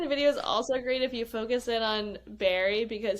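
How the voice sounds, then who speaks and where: An animated woman tells a personal story as a podcast guest. She acts out what she said back then, and her voice jumps higher on those lines. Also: brisk. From United States. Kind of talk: casual storytelling.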